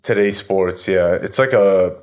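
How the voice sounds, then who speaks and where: A man's voice: deep voice, measured pace, darkish tone. A man in his thirties telling a story in casual chat, rambling with lots of fillers and swearing. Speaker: podcast host telling a story.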